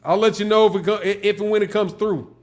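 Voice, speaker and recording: A man's voice: sits high, steady tone, fairly quick. A man from Chicago with a Chicago accent, hosting a casual livestream, chatting with viewers and commenting on a boxing fight in a loose, slangy way. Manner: laid-back slangy talk, reading out chat messages. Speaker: livestream host.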